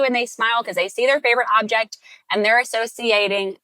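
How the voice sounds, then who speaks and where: A woman's voice: fairly high pitch, steady tone, fast, bright, forceful tone, no echo. A woman from the Southern US, a speech therapist, patiently explaining step-by-step tips to parents and repeating the key points. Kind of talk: instructional talk to parents.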